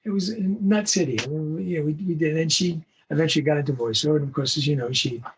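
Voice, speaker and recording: An older male voice actor telling animated anecdotes in an interview, acting out the voices of the people he quotes. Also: fairly high pitch, fast talker, a little hiss or hum. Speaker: guest voice actor. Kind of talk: storytelling interview.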